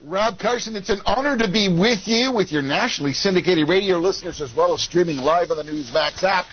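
A man's voice: high voice, fairly quick, breathy edge, no room sound. A man from Canada, a guest radio host, talking playfully and stumbling over repeated words. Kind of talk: talk radio banter. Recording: dull lo-fi radio audio.

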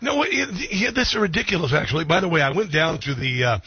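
A man's voice: a little high, very animated, very noisy. A man hosting a radio talk show, chatting casually about politics, agreeable and chuckling, over muffled radio audio. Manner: agreeable, chuckling, quick interjections.

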